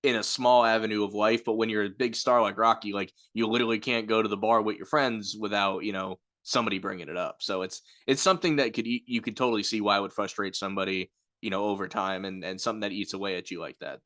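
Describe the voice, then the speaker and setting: Casting: low-pitched man, reflective co-host, long easy explanations. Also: fairly even intonation, fast talker, few pauses, a bit bright. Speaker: film review podcast co-host. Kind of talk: casual chat.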